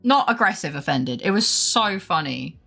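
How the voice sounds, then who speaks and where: A woman streamer chatting casually with her live chat, rambling through a funny story with animated retellings. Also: lowish voice, moderate pace, vocal fry, soft background music. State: unwell with brain fog.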